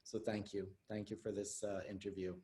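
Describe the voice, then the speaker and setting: A man's voice: fairly low pitch, level tone, brisk, mellow. A man hosting an online talk show over a video call, earnest and effusive with his thanks. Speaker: show host.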